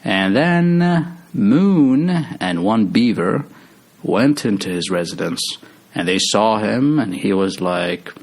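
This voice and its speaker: A man's voice: lowish voice, lively intonation, takes it slowly, darkish tone. A man casually retelling a movie's story, rambling with lots of fillers and restarts. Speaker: movie recap host.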